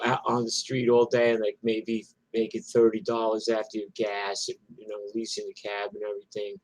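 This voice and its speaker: Foul-mouthed rambling New man. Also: mid-range voice. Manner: profane, rambling, lots of fillers. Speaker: storyteller. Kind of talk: casual personal storytelling.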